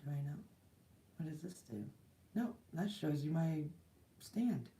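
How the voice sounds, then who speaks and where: A woman hosting a spiritual channel chats casually, bubbly and rambling, breaking into giggles. Her voice is mellow and sits on the low side, picked up from a distance by a device camera. The home room around her is echoey. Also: expressive, measured pace. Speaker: channel host giving spiritual messages. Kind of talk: casual livestream chat.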